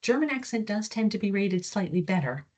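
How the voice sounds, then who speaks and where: Woman on a video call, husky voice, lots of ums, explaining research answers. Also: medium pitch, animated, a little fast, a little mellow. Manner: thoughtful, hesitant with fillers. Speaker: guest speaker. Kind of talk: Q&A after an academic talk.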